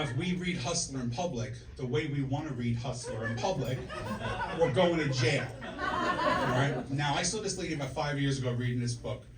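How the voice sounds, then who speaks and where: In a very noisy, echoey recording captured from across the club, a man in his forties with a mid-range voice does brash, profane stand-up. He tells punchy stories to the audience, who laugh along.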